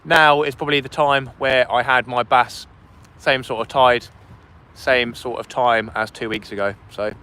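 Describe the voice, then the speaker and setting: Unhurried and sharp-toned, a man with a mid-range, steady voice hosts a casual fishing livestream outdoors by the sea wall. Streaming vertically on his phone, he chats, reads out chat and thanks donors.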